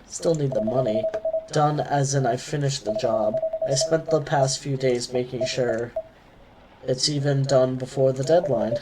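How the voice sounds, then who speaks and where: Man reading out young elf freelancer, slow, cocky storytelling, loud noise behind. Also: mid-range voice, fairly even intonation, close to an everyday voice. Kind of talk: reading game dialogue aloud.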